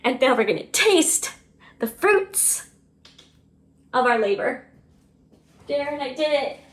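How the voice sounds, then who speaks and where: Woman homestead vlogger, slightly high voice, earnest and emotional, casual chat at home. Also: big pitch swings, slow, fairly bright tone. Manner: earnest, openly emotional and chatty.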